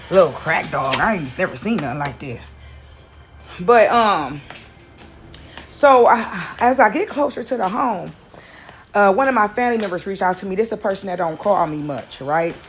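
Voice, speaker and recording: A breathless woman chats casually in her spiritual vlog, recorded at home with her dog, often tagging on "right?". Her voice sits on the low side at a normal speed, with a bit of hiss or hum in the background.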